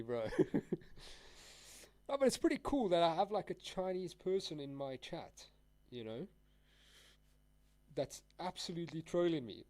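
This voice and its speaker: On his live trading stream, this young South African guy rambles along in relaxed slang, laughing frequently. His pitch is fairly high and his tone darkish, with no echo in the recording.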